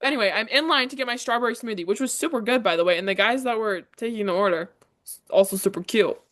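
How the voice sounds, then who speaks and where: Fast-talking young woman telling stories. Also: on the high side, fairly bright tone. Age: young adult. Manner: fast, rambling storytelling. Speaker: podcast co-host. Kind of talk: casual chat.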